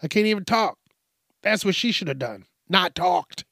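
A man's voice: high voice, animated, normal speed, gravelly, bright, forceful tone, dry recording, clean studio sound. A man hosting a casual, profane news commentary show, rambling and laid-back as he reacts to stories. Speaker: host.

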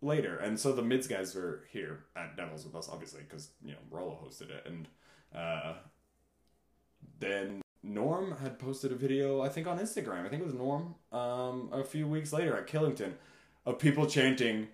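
A man guesting on a podcast, telling stories in a lively, laughing casual chat. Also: medium pitch, moderate pace, echoey room. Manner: animated, laughing, shouts out catchphrases.

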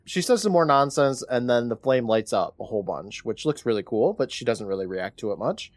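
A man's voice: mid-range voice, lively intonation, fairly quick, no echo. A man co-hosting a podcast, casually retelling a TV episode scene by scene and quoting characters' lines as he goes. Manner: chatty retelling with quoted lines. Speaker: podcast co-host.

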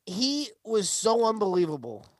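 High-voiced, eager male podcast co-host. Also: sing-song, unhurried, no echo, studio quality. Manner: eager, enthusiastic, stumbles over his words. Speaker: podcast co-host and quiz contestant. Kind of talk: casual podcast chat.

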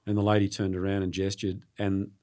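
A middle-aged Australian man, a sports journalist being interviewed, telling stories in an earnest, halting way and often repeating words. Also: low voice, monotone, mellow. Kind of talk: casual interview storytelling.

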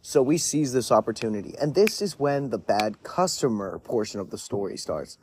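A man's voice: medium pitch, lively intonation, normal speed, darkish tone, slight background noise. A man telling a story in a casual monologue, rambling with lots of "like" fillers and frequent swearing. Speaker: podcast storyteller.

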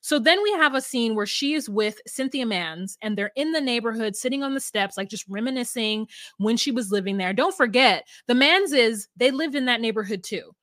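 A woman co-hosting a podcast recaps a show in casual chat, animatedly acting out what people said. Her voice is a little high at a normal speed, with clean studio sound and no room sound.

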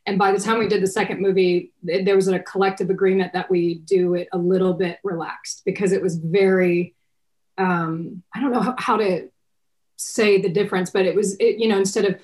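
A woman's voice: medium pitch, fairly even intonation, brisk, darkish tone. A middle-aged woman from Texas, an actress chatting casually in an interview, rambling with many restarts and fillers. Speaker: actress guest.

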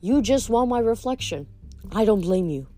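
A woman reading aloud, voicing a vain, self-adoring young man in a slow, languid drawl. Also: fairly high pitch, expressive, dark tone, faint music behind, pitched above the performer's own voice, natural voice. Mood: dreamy, self-adoring.

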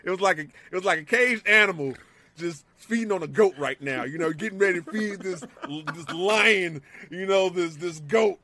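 A man in casual podcast chat, excitable and profane, acting out moments with yells. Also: sits high, moderate pace. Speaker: wrestling show co-host.

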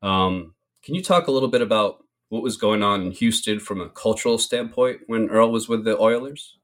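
A man with a very deep voice hosting an interview. He asks measured, carefully framed questions and sets up each topic for his listeners before handing it back to his guest. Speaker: interviewer host.

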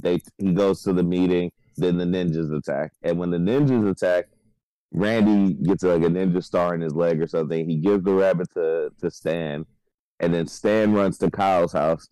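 Rambling animated podcast guy. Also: sits low, moderate pace, dry recording, poor audio. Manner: rambling, animated retelling with lots of fillers. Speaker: podcast co-host. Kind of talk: casual chat.

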